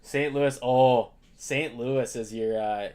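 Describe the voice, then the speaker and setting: A man's voice: mid-range voice, steady tone, slow pace, darkish tone. A young Canadian man hosting a live card break stream, chatting casually and greeting viewers by name.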